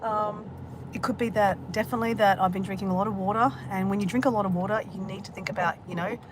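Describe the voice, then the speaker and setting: A woman's voice: medium pitch, steady tone, fast talker, background noise. Woman vlogger, mid-range voice, open and emotional, casual swearing, talking from a car. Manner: candid, emotional, swears freely. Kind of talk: casual talk to camera.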